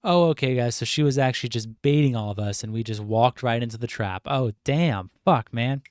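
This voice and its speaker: A man's voice: mid-range voice, a little fast, darkish tone, no room sound, studio quality. A man giving casual, mocking commentary, sarcastic and swearing freely. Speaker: commentary YouTuber.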